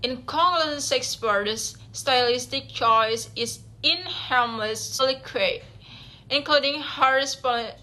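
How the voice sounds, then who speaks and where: A woman's voice: high-pitched, unhurried, sharp tone. A young woman, reading a class presentation aloud, carefully, with small slips and self-corrections. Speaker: student presenter.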